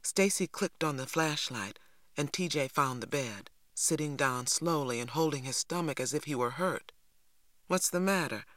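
Audiobook narrator, steady storytelling, mid pitch, dry close sound. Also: moderate pace, no echo. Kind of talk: audiobook reading.

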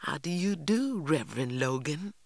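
Man voicing a snide teasing kid, drawly and sneery, pitched up a bit. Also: animated, moderate pace, gravelly, no echo.

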